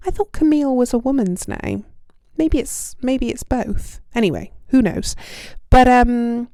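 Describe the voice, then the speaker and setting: This British woman is young and hosts a podcast, musing casually and poking fun at herself, her speech peppered with ums and likes. Her dark-toned voice is on the high side and a little slow. The studio sound is clean, with no room noise.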